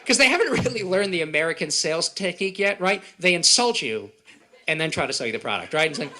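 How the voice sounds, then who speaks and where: A man from Israel performing a stand-up comedy set at a live event, with punchy delivery and quick put-on voices. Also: fairly high pitch, very animated, sharp tone. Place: event hall with live audience.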